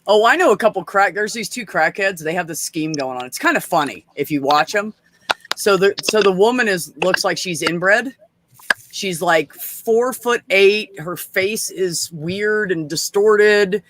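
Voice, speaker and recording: A man's voice: high-pitched, expressive, measured pace, noisy background. A man in casual chat, telling stories bluntly with plenty of swearing. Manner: blunt, profane storyteller.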